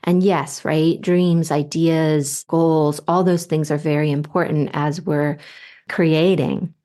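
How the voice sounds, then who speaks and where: A woman hosting a podcast, giving a gentle, unhurried spiritual reading with soft laughs. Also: low voice, fairly even intonation. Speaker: podcast host and intuitive reader. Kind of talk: slow, spiritual guidance reading.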